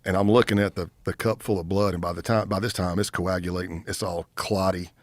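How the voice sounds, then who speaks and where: A man in his fifties, a retired undercover agent and podcast guest, telling a story in an animated way and acting out what the other people said. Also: low voice, fairly quick, dry recording.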